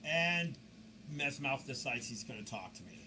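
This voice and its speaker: A man narrating security camera footage as a video commentator, telling the story in a lively way with mocking asides. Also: medium pitch, normal speed, noisy background.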